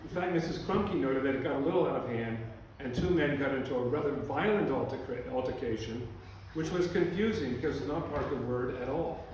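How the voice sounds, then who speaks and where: A man reading a humorous account to a live audience in a dry, deadpan way. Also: mid-range voice, fairly quick, a little hiss or hum. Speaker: storyteller. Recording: echoey room from a distance.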